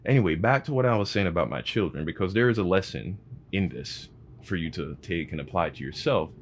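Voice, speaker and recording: Man, young adult, very deep voice, animated swinging pitch, casual advice monologue, swears freely. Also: fairly quick, a little hiss or hum. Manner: animated, swears freely, calls listeners bro. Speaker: parent giving advice.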